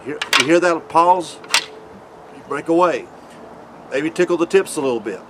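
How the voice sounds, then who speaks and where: A man's voice: on the high side, lively intonation. A man giving a casual hunting demonstration in a folksy, repetitive way. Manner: folksy, repeats himself, pauses to demonstrate. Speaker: hunting video host. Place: outdoors. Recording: loud background noise outdoors.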